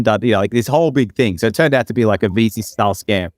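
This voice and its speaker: A man's voice: lowish voice, quick pace, no room sound, clean studio sound. A young man telling a long story on a podcast as co-host, rambling, with many fillers and tag questions. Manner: rambling, full of fillers and "right?" tags. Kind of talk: casual storytelling.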